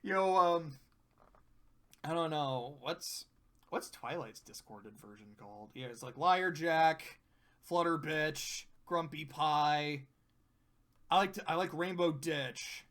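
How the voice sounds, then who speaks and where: Rambling commentator, bright tone, casual recap, swears a lot, laughs often. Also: medium pitch, lively intonation, slow.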